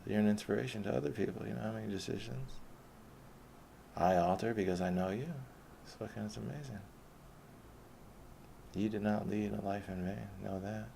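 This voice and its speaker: Podcast host, male, young adult: low gravelly voice, loose profane rambling, slight room noise. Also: normal speed, pauses often, warm tone. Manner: rambling, heavy swearing, laughs often.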